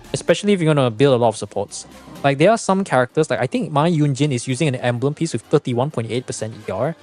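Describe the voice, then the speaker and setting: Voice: medium pitch, darkish tone. A game streamer in casual livestream chat, explaining numbers, chatting and laughing often.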